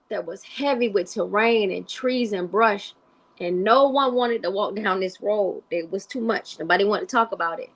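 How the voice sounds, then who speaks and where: A woman with a medium-pitched voice hosts a live stream, giving heated, emphatic commentary laced with profanity and repeating her points for emphasis.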